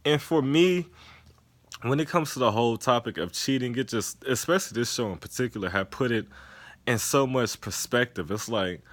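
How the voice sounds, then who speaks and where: A man with a low-pitched voice sits on a couch and recaps a TV episode in loose, rambling commentary. He swears freely and jumps into quick voiced quotes of the characters. The sound is close and dry, with no room echo. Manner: profane, animated retelling with voiced quotes of characters. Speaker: TV episode reviewer. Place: sitting on a couch indoors.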